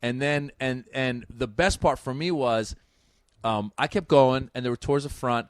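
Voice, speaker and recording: An Iranian comedian, guesting on a podcast, chats casually and tells a stand-up story, animatedly acting out his crowd exchanges and the people he talks to, with frequent restarts. His mid-range voice is unhurried, clear, and resonant. There's no room sound.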